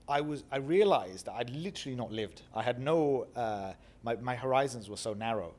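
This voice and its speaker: A middle-aged man from Bradford with a Northern English accent, telling animated stories as an interview guest and acting out the voices of people he quotes. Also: medium pitch, moderate pace, hardly any pauses. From Bradford, England. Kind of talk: reflective storytelling interview.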